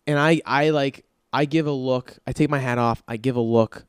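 A man telling a comic story with an animated, profane, ranting delivery. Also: medium pitch, brisk, hardly any pauses, clean tone, no echo, studio quality.

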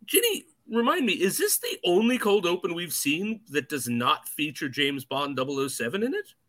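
A man co-hosting a film podcast, chatting casually in an animated, joking way. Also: a little high. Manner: animated, joking, quick asides. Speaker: podcast co-host. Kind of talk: casual chat.

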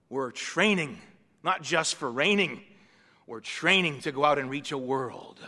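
Bright-voiced preacher in a reverberant hall. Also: male voice, on the high side, unhurried. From Massachusetts, USA. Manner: animated, swings between hushed and loud. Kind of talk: sermon with personal storytelling. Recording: long reverb of a large hall.

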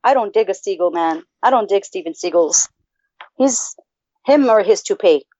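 A woman co-hosting a podcast in casual chat, profane and animated as she rambles. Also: medium pitch, normal speed, no echo. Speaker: podcast co-host. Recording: dull lo-fi sound.

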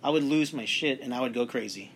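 A man hosting a casual podcast discussion, animated and acting out quotes with emphasis. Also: medium pitch, fast talker, a little hiss or hum. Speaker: podcast host.

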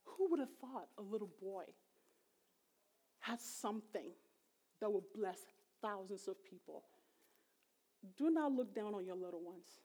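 Middle-aged woman preacher, mid pitch, chatty and emphatic sermon delivery. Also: expressive, unhurried, long pauses, mellow, husky. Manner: conversational, emphatic, voice rising sharply when retelling emotional moments.

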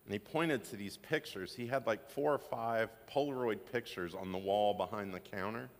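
A man's voice: lowish voice, moderate pace, creaky, big-room sound. A man pastor preaching a sermon, telling stories with joking asides. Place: church sanctuary.

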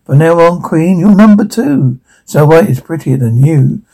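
A man voicing a flattering magic mirror in a storybook reading, with a slow, husky delivery. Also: on the high side, full character voice. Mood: fawning. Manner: flowery, fawning.

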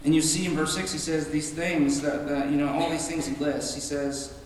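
A man preaches to his congregation in an emphatic, conversational style, circling back and restarting his thoughts as he goes. His slightly high voice is caught from across the room, so it rings with a long church echo, with faint room ambience beneath it. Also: fairly even intonation, moderate pace, slight background noise. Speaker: pastor. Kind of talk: sermon. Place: church sanctuary. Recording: echoey hall from a distant mic.

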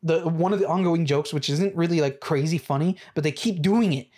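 A casual movie review vlogger who rambles with frequent restarts and fillers like "like" and "dude", and swings up into animated bursts. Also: medium pitch, fairly quick.

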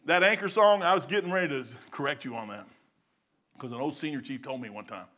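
An older man giving an informal sermon in a folksy, excitable way, breaking into loud outbursts. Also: mid-range voice, fast talker. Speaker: preacher.

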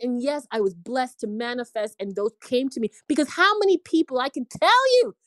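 A high-pitched woman in her forties shares an emotional faith testimony, earnest and a little preachy. She slips into acted voices when she quotes others. Her voice sounds dry and close. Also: no echo. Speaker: inspirational speaker.

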